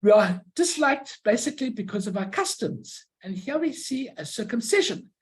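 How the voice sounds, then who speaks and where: Halting speaker presenting old postcards. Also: medium pitch, sing-song, poor audio. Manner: halting, many restarts and self-corrections. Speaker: presenter showing a collection of stamps and postcards. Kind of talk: informal illustrated talk.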